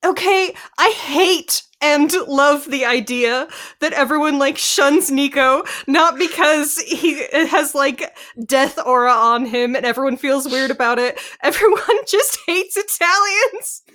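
A woman's voice: high-pitched, a little slow, few pauses, fairly bright tone. A woman co-hosting a podcast in casual chat, making wry, laughing asides. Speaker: podcast co-host.

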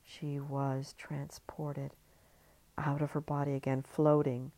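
A woman narrating a serialized story in a hushed, intimate reading. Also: low-pitched, completely flat delivery, slow, low-quality recording. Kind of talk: scripted audiobook narration.

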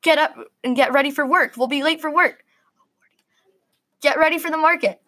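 Storybook merchant boss, brisk and businesslike, older man, as a woman reads him in a bright voice. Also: sits high, voice pushed up.

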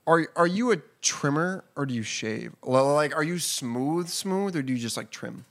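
A man's voice: on the high side, lively intonation, moderate pace, gravelly, fairly bright tone. A young man co-hosting a podcast, rambling and swearing in casual chat. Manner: rambling, profane, often laughing. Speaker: podcast co-host.

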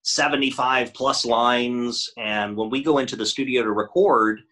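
Middle-aged male voice actor guest, bright and slightly husky, easygoing storyteller. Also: medium pitch, unhurried. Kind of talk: casual interview chat.

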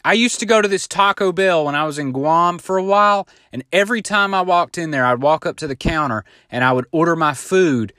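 A man's voice: on the high side, brisk, hardly any pauses, bright, forceful tone, no echo, studio quality. A man in his thirties hosting a casual solo podcast, telling stories in a rambling way, swearing freely and acting out other people's lines in quotes. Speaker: podcast host. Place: home, now living in Southern California.

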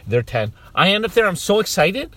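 Animated man with a bright lively voice. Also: sits high, a little fast. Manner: animated, switches into exaggerated voices for quoted people. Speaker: podcast co-host. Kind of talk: casual comedic storytelling.

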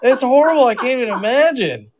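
A man's voice: extremely high pitch, animated, quick pace, a little hiss or hum. A man co-hosting a casual chat show, swearing freely and cracking blunt, crude jokes. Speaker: podcast co-host.

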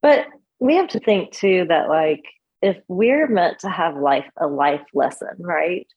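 A woman's voice: on the low side, animated, unhurried, a little mellow, husky, highs cut off. A woman therapist on a podcast, speaking candidly and reassuringly, often laughing. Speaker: therapist guest. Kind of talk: casual podcast chat.

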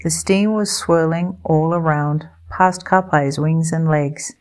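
A woman reading a picture book aloud for English learners, slow, clear and gentle. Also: low-pitched, fairly even intonation.

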